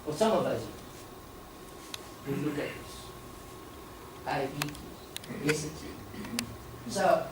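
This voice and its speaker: A woman from Africa, giving a passionate public talk, emphatic and quick to laugh. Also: mid-range voice, background noise. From South Africa. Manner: animated, emphatic, laughs often. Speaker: speaker at a talk. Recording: echoey room, distant mic, faint ambience.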